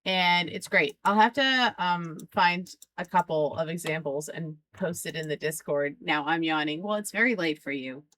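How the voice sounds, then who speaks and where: A woman's voice: sits low, normal speed, few pauses, fairly bright tone. A woman streaming a game live, chatting with her viewers in a playful, teasing way and laughing often. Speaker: streamer playing a farming game.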